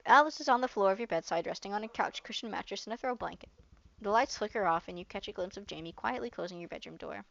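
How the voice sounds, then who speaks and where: Gravelly-voiced woman narrating a game. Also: mid-range voice, fast, lo-fi sound. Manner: steady storytelling narration. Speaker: streamer. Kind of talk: reading a visual novel aloud.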